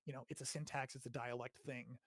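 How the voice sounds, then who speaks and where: American man, casual grammar lesson, chatty explainer, mid-pitched voice, dry sound. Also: flat delivery, quick pace, no room sound. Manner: chatty and explanatory, with frequent "right?" checks and some swearing. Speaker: host teaching grammar.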